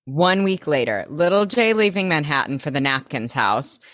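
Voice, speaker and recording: A woman's voice: lively intonation, moderate pace, fairly bright tone, no room sound, clean studio sound. A young adult woman co-hosting a casual podcast, recapping a TV episode with playful, exaggerated impressions of the characters. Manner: playful, dramatic mock-quotes with rising pitch. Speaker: podcast co-host.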